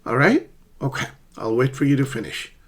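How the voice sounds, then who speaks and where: A man teaching an English pronunciation lesson, speaking slowly and deliberately and exaggerating the stressed syllables. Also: medium pitch, animated.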